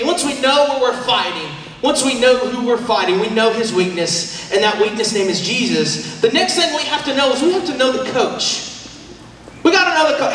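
Male youth preacher, high and forceful, heard from far off in a booming reverberant hall. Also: a little hiss or hum. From Oklahoma, USA. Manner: energetic, shouting, calls for response from the crowd. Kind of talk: sermon. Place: large church hall.

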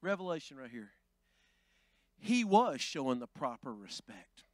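A man pastor preaching a Pentecostal sermon, building from plain talk into shouting. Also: medium pitch, big pitch swings, unhurried, no echo. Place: church sanctuary.

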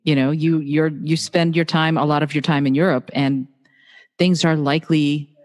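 Calm interviewer in a reverberant room. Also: mid-range voice, moderate pace. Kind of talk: casual interview talk. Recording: long reverb.

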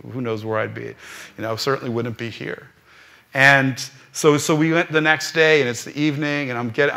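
A man preaching as a rabbi and pastor, telling a personal story during a live church service with animated, rising peaks. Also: medium pitch.

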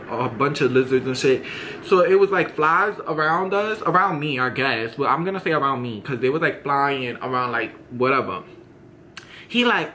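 A young man with a New York accent spills a storytime rant, sassy and theatrical. His voice sits a little high and rings bright and sharp. He swears freely and talks straight to the camera. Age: young adult. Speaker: vlogger.

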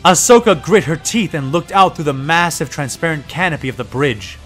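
Male narrator, higher voice, steady reading. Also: normal speed, faint music behind. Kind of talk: audiobook-style story reading.

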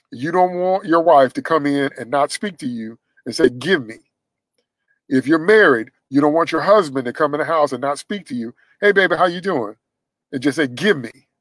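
A man's voice: a little high, no room sound, low-quality recording. Emphatic preacher man, dry close sound. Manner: emphatic, swings from loud to hushed, acts out quoted voices. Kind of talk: sermon.

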